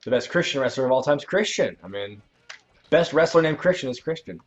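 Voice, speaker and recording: A man hosts a relaxed gaming livestream and talks off the cuff, circling back and correcting himself mid-sentence. His pitch swings widely, and he bursts out loudly at moments in the game. The audio is a little dull and lo-fi. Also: fairly quick. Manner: rambling and self-correcting, with sudden loud outbursts reacting to the game. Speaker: channel host. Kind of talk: casual livestream chat while playing a video game.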